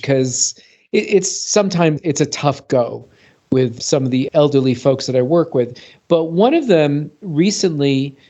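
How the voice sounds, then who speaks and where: Storytelling podcast man, dull lo-fi sound. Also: warm tone. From US Northeast. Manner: storytelling, acts out client's quotes with rising pitch. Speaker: podcast co-host, Apple consultant. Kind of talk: casual podcast chat.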